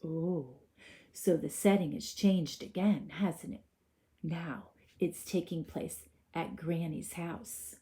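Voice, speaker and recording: A woman teacher reading a storybook aloud to young children, expressive, with gasps and stage whispers. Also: fairly low pitch, slow pace. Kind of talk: children's read-aloud lesson.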